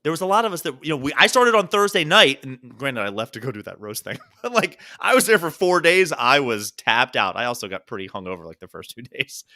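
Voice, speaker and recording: A man's voice: mid-range voice, brisk, few pauses. A man co-hosting a podcast, telling stories in casual chat and acting out what others said. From Baltimore. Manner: animated storyteller, acts out quotes. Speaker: podcast co-host.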